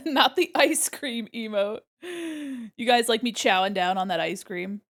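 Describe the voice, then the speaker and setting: A woman's voice: a little high, slow, fairly bright tone, faint music behind. A woman streamer chatting casually with her viewers while drawing, laughing and humming to herself.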